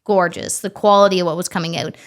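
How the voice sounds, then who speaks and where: A farmer in her thirties from Ontario, Canada, speaks as an interview guest with a fairly low pitch and a quick pace. She's animated and chatty, swearing casually and acting out bits of dialogue.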